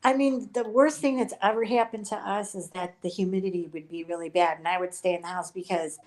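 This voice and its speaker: A woman chatting casually on a livestream, telling stories in an animated way and quoting other people. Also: fairly quick. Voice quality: voice gone lower than it used to be. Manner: animated storyteller, quotes others, laughs often.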